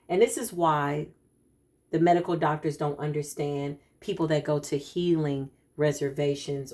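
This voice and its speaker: A woman talks to her followers as a spiritual practitioner. She gets animated and emphatic, repeating lines the way a preacher does. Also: low-pitched. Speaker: spiritual practitioner giving a card reading.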